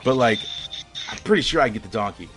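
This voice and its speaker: A man's voice: on the low side, expressive, fast, fairly bright tone, faint music behind. A man voicing a reckless, drugged-out male adventurer in a tabletop game, laid-back and slangy. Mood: casual.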